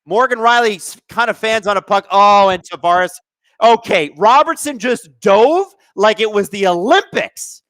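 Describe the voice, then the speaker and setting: A man hosting a live hockey watch-along stream, commenting casually on the play and reading chat, excitable and sarcastic, swearing at the refs. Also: high-pitched, normal speed, no room sound, studio quality.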